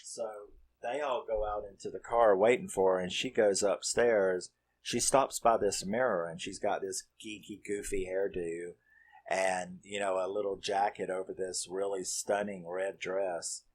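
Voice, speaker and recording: A man's voice: sits low, fairly even intonation, measured pace, a little mellow. A man casually retelling a horror comedy's plot, rambling and swearing as he acts out the characters' lines. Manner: rambling, profane, acts out quotes. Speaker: movie reviewer.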